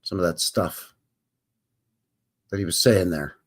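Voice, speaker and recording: A man's voice: deep voice, a little slow, breathy edge. A Canadian man hosting a livestream, chatting casually in a rambling, jokey way. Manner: rambling and jokey, tags lines with "eh, buddy". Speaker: livestream host.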